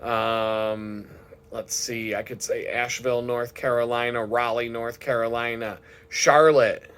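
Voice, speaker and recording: A man's voice: medium pitch, flat delivery, unhurried, a bit bright, smooth. A man talking casually in a rambling, profane vlog monologue, swearing freely as he tells his day. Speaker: vlogger.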